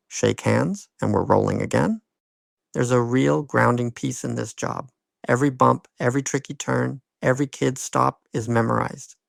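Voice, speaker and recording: A man in his fifties with a thick Dublin accent tells his own story with dry wit and a knack for the comic aside. His voice is heavily gravelly, full of low fry, and it sits in an ordinary middle register. The sound is close and dead, with no room around it. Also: no room sound. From Ireland. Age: 50s. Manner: wry, humorous anecdotal delivery. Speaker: school bus driver. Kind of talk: personal storytelling monologue.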